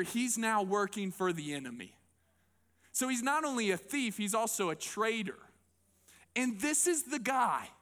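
A man preaching a sermon to a congregation in an animated, conversational way. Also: sits high. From United States. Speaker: pastor. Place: church before a congregation.

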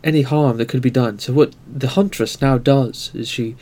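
A man doing a joking impression of a soft-spoken wildlife-documentary narrator on a podcast. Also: mid-range voice, close to an everyday voice. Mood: hushed reverent. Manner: soft, slow, reverent narration. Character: hushed male nature-documentary narrator, impression of a famous broadcaster.

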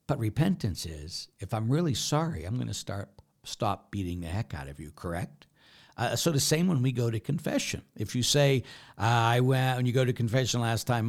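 A man, a Catholic priest, giving a plain-spoken, conversational sermon and checking in with the listeners with a quick "huh?". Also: medium pitch, big pitch swings, vocal fry.

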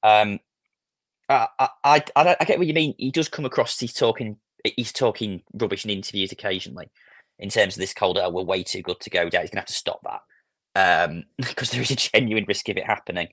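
A man's voice: on the low side, fairly bright tone, no echo. A man co-hosting a football podcast, choosing his words carefully and hedging. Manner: measured, hedging. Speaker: podcast co-host. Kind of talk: casual football chat.

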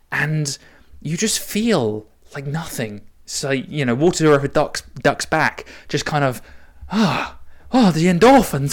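A young man hosting a solo podcast. He talks casually in a rambling way, restarting often, with an excited edge. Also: medium pitch. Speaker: podcast host.

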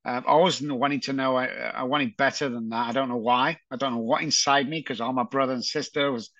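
A man with a Manchester accent, telling his life story as a podcast guest in a chatty, animated way. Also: medium pitch, brisk, dry recording. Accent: Manchester English. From England. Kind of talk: casual storytelling.

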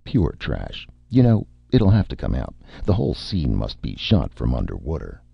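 A man's voice: extremely low pitch, wildly swooping pitch, normal speed, gravelly, husky, dry recording, heavily acted. A man voicing a confident, smug male screenwriter who talks in a glib, complacent, lordly way, in a dry, slightly muffled recording.

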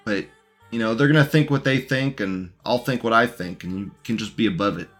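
A man's voice: lowish voice, fairly quick, fairly bright tone, faint music behind. Man mocking a debate clip casually. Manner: mocking, talks back to the clip. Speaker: commentator reacting to a debate. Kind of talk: casual commentary.

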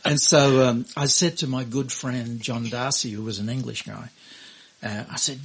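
Older man, husky voice. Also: medium pitch, fairly even intonation, moderate pace, rough recording. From Australia. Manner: rambling, reflective, with soft laughs. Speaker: guest musician. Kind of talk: storytelling interview.

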